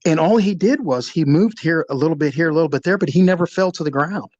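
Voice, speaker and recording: A middle-aged man, a former police officer, telling a personal story in an animated, vivid way, acting out the sounds. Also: a little high, fast talker, hardly any pauses, no echo, lo-fi sound. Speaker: retired police officer recounting a shooting. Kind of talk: storytelling in an interview.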